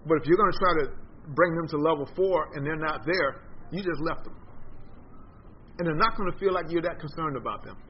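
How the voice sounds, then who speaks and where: High-voiced man teaching a Bible class. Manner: conversational, emphatic, asks the class questions. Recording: dull lo-fi recording with faint noise.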